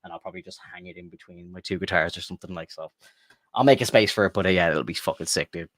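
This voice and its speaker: A man's voice: low-pitched, fast, fairly bright tone, dry recording, studio quality. An Irish man co-hosting a podcast, telling rambling stories from his home room and swearing freely in casual chat. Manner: rambling storyteller, swears freely, says "like" a lot. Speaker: podcast co-host.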